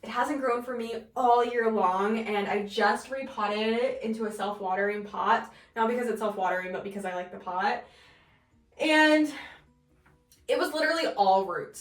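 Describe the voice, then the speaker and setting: Chatty woman vlogging in a roomy space. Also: medium pitch. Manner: chatty, lots of "like" fillers. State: a bit winded. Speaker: plant and knitting vlogger. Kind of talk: casual chat to camera. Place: home room. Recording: roomy echo, mic at a distance.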